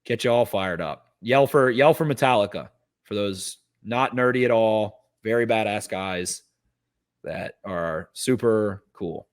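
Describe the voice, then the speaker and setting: Guy on a sports pod, all hyped up and yelling, cussing a bunch. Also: fairly low pitch, unhurried, clear, resonant tone. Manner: fired-up, hollering pep talk with cursing. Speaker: podcast co-host. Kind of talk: casual sports podcast chat.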